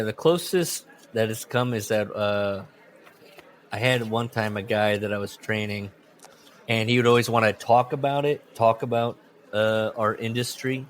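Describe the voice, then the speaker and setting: A man co-hosting a podcast, chatting casually and reading aloud from a book, with animated swings into quoted voices. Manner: animated, jumps into loud high put-on voices when quoting. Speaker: podcast co-host.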